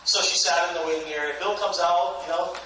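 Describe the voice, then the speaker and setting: A man's voice: sits high, fairly even intonation, a little fast, pushed and bright. A man giving a motivational sales training talk to a live room, telling jokey stories and talking straight to the audience. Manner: joking storyteller, addresses the audience directly. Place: lecture room at a regional event. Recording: echoey room, distant mic, faint hiss.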